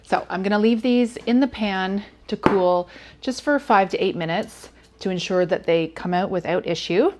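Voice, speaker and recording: A woman with a warm, mellow voice hosts her own cooking video. She chats casually and with plain enthusiasm about what she bakes, sometimes talking through a bite of food. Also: medium pitch. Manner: talks while eating. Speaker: cooking channel host.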